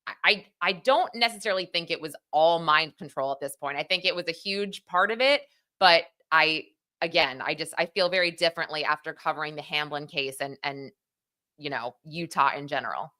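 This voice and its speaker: Bright-voiced woman, halting casual chat. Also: deep voice. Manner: halting, repeats words, expressive. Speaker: true crime commentator.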